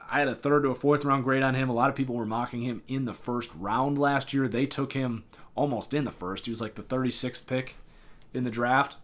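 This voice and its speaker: Male podcast host, casual and opinionated, mid-pitched, talks loosely with fillers and restarts. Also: a bit bright. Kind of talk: solo football analysis podcast.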